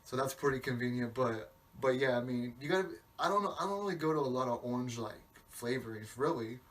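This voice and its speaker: A man's voice: mid-range voice, lively intonation, fast talker, a bit bright. A male podcast host in a rambling comic monologue, profane and meandering, breaking off his own sentences. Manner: profane, meandering, self-interrupting. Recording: distant mic, faint background hiss.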